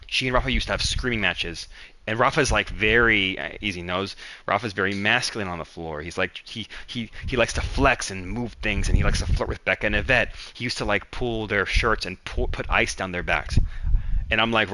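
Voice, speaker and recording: A man's voice: lowish voice, sharp tone, a little hiss or hum, low-quality recording. A young man hosting a livestream, telling long, gossipy stories about his coworkers and acting out what they said. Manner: rambling, gossipy, quick to act out coworkers. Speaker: livestream host. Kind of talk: casual storytelling chat.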